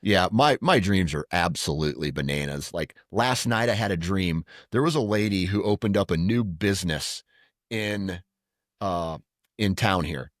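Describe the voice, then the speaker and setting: Middle-aged male podcast co-host, low voice, rambling anecdotes, dry booth sound. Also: normal speed, no room sound. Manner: rambling storyteller with restarts. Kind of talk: casual chat.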